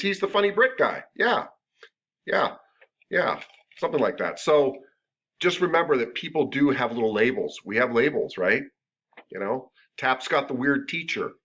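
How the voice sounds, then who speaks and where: A middle-aged man teaching a massage therapy class in a chatty, joking way with animated asides. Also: mid-range voice, lo-fi sound. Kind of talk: classroom lecture.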